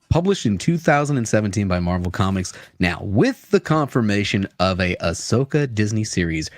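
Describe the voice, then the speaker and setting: A man's voice: fairly low pitch, no room sound. A man reading out comic book market notes with an upbeat delivery. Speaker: co-host reading comic sales.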